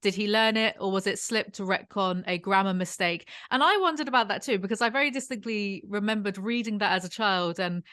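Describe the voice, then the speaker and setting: A woman's voice: medium pitch, brisk, few pauses, sharp tone, smooth. Chatty young woman hosting an interview. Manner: chatty, thinking aloud with "like" and "sort of". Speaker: host. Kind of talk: interview questions.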